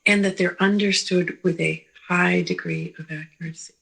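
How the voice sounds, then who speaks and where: A woman clinician giving a slow, gentle teaching talk, pausing often and checking in with the listener. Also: lowish voice, fairly even intonation, vocal fry, slightly rough, low-quality recording. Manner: slow, gentle, with pauses and repeated "right?".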